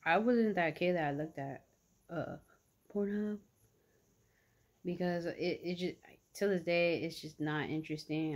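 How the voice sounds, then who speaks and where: Chatty young woman telling a slangy story. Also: deep voice. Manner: chatty, slangy, animated retelling with lots of "like". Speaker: vlogger. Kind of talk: casual storytime while eating.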